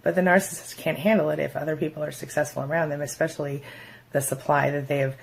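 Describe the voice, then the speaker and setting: A woman's voice: sits low, fairly even intonation, fast talker, creaky, slightly rough. A woman talking frankly to camera, giving relationship advice and mockingly acting out quoted remarks. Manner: frank, conversational, acts out quoted voices mockingly. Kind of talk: casual advice talk to camera.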